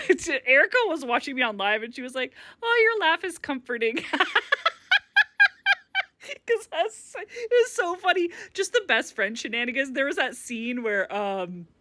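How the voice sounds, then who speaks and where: A woman's voice: fairly high pitch, dry recording. A woman vlogger ranting casually to the camera, swearing freely and breaking into frequent laughter. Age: adult parent. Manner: animated, swears a lot, laughs often. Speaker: vlogger reviewing a TV series. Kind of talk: unfiltered casual rant to camera.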